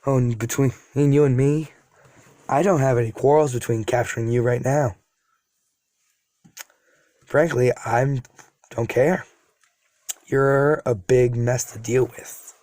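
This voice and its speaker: A determined teenage boy hero who speaks with earnest conviction and wants to keep his friends safe, as a man reading a fan story puts him on. His voice sits in a middle pitch, recorded dry and close. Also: fairly even intonation, slow pace, pauses often, warm tone, no echo, close to an everyday voice. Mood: firm. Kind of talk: casual read-aloud of fan story.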